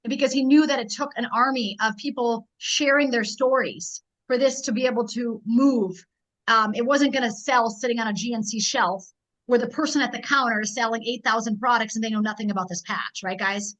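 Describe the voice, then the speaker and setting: A middle-aged woman giving an energetic, rallying business training talk as a network marketing team leader, telling stories quickly. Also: fairly high pitch. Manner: energetic, rallying, rapid storytelling. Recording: dull lo-fi recording.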